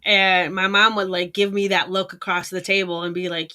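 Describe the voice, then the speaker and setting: A woman from Puerto Rico co-hosting a casual chat show, telling lively stories, acting out quoted voices and laughing often. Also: on the low side, brisk, hardly any pauses. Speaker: co-host.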